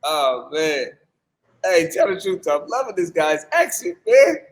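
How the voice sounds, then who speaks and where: A man hosting a casual live stream, talking high and hyped. He jokes around and pushes the deal like a salesman. His banter stays playful all the way through. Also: very animated, a little slow. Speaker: show host. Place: Seattle.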